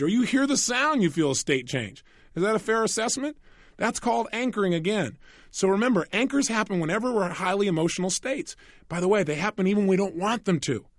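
A male motivational coach talks straight to the listener, with a high voice that swoops up and down as he goes. He slips into quick little voices to act out scenes. The sound is close and dry, with no room at all. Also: no room sound. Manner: animated, asks the listener rhetorical questions. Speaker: self-help coach. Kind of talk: motivational audio program lecture.

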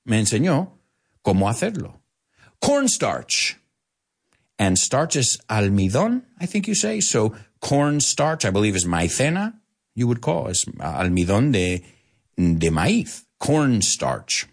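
A man teaching English to Spanish speakers, animated, explaining and repeating words as he goes. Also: on the low side, slow pace, creaky, slightly rough. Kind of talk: bilingual language lesson.

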